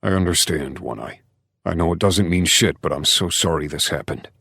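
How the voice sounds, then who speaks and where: A man voicing a remorseful biker who quietly apologizes to his club brother, in a low gravelly voice. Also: moderate pace, no echo, studio quality, heavily acted. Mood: apologetic. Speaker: character in audiobook. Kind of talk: audiobook character reading.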